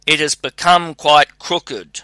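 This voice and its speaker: A man voicing a clever, self-assured young scholar who calmly reassures his father in a storybook reading. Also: on the high side, slow, no echo. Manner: calm, reassuring.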